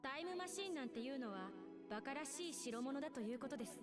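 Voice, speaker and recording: An actress playing a calm young female scientist in a game, speaking in a composed, measured way. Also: sits high. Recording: quiet game audio heard from the stream, music under it.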